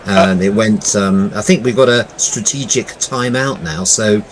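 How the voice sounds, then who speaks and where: Low-voiced chatty male cricket commentator. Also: a little slow, low-quality recording. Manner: chatty, hesitant with fillers. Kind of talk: ball-by-ball commentary.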